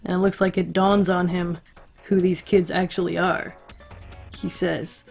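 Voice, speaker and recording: A woman's voice: on the low side, fairly even intonation, a little slow, gravelly, darkish tone, soft background music. Casual, profane woman recapping a story. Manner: casual, profane, wry asides. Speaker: recap host.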